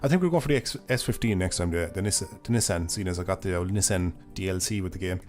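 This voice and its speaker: A young Irish man streaming a game, chatting casually in a rambling way, swearing freely and laughing often, his voice hoarse and failing. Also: low voice, fast talker, darkish tone. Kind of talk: casual livestream chat while gaming.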